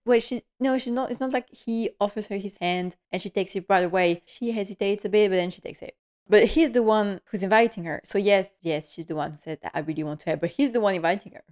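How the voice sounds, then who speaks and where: Female podcast host, casual recap, emotional and animated, mid-pitched voice. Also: brisk. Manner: animated and emotional, with nervous laughter.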